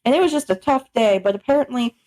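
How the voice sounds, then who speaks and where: A young woman co-hosting a casual podcast, spinning stories with plenty of swearing and animated energy. Her voice sits a little high. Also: quick pace, poor audio. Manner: profane, animated storytelling. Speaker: podcast co-host. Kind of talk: casual chat.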